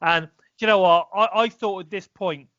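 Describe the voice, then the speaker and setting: A man's voice: sits high, fairly quick, pushed and bright, no echo. A British man co-hosting a casual wrestling review podcast, rambling with many fillers and restarts. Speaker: podcast co-host. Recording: dull, slightly lo-fi dry sound.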